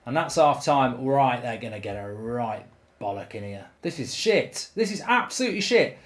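A man's voice: medium pitch, sing-song, moderate pace. Guy ranting over a football game, sweary, voice jumps up and down a lot. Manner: ranting, swearing, exasperated outbursts. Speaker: gaming YouTuber host. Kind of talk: live game commentary.

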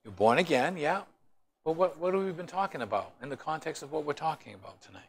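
A man's voice: on the high side, lively intonation, fast, creaky, breathy edge. A man teaching a Bible study in a joking, storytelling way, often asking the group questions.

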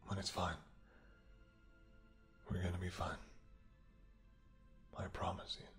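Man as a protective bodyguard, whispered role-play, soft and tender, gently scolding, lowish voice, faint music behind. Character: protective male bodyguard, tender, anxious lover. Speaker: voice actor.

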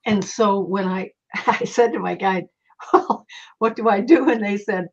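A woman guest speaking as a psychic, telling lively stories in casual conversation and acting out the voices in them. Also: mid-range voice, a little slow. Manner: animated, quotes voices in her stories. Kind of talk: conversational storytelling. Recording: muffled lo-fi audio.

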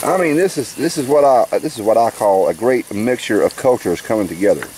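A man's voice: mid-range voice, animated, fairly quick, a little mellow, slight background noise. A man, filming a campout and presenting the food to camera in a folksy, joking way. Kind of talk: casual show-and-tell narration to camera. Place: outdoor campsite.

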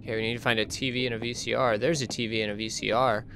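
A man's voice: medium pitch, little pitch movement, very fast, background noise. A man commentating his own horror game playthrough, jumpy and swearing when startled, reading notes aloud. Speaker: let's play gamer.

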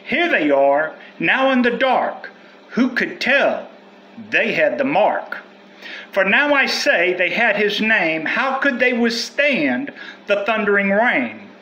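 A man's voice: sits high, big pitch swings, takes it slowly, sharp tone, lo-fi sound. A man delivering a prophetic word with solemn, chanting repetition. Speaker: prophetic speaker.

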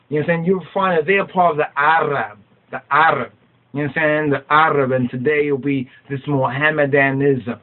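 Male preacher, higher-pitched voice, keeps asking "you know what I'm saying", thin phone-like audio. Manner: repeats "you know what I'm saying" often, chants verses slowly. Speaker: Rastafari teacher. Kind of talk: preaching and reading psalms aloud. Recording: tinny phone-like sound.

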